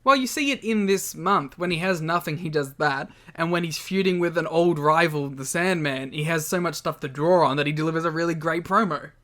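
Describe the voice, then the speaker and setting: A man's voice: on the high side, a little fast, hardly any pauses, fairly bright tone. A man co-hosting a podcast, chatting casually with dry, joking banter. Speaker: podcast co-host. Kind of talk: casual chat.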